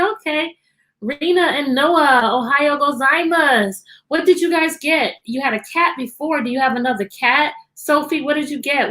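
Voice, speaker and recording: A woman's voice: high voice, a bit bright. A woman teacher hosting a live-streamed storytime from her computer at home, cheerfully greeting children by name.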